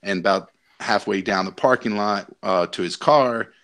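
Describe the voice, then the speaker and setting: A young man with a lowish voice spins a rambling story in casual podcast chat. He talks loosely, full of ums and likes, and breaks into laughter as he goes. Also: normal speed, fairly bright tone. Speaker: podcast co-host.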